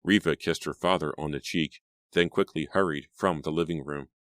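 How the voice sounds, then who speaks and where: A man narrating an audiobook in a steady storytelling manner. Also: extremely low pitch, normal speed, no room sound, clean studio sound.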